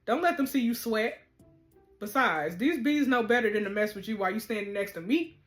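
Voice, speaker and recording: A woman's voice: on the high side, expressive, fairly quick, soft background music, close to an everyday voice. A woman reading the lines of a tough, self-assured teenage girl in a juvenile facility, in a blunt manner.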